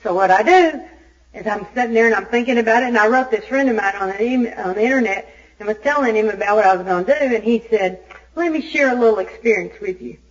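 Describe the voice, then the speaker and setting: A woman's voice: a little high, fast talker. Woman telling a self-mocking story on tape. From Arkansas. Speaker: Al-Anon speaker. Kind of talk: humorous recovery meeting talk. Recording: dull lo-fi tape recording.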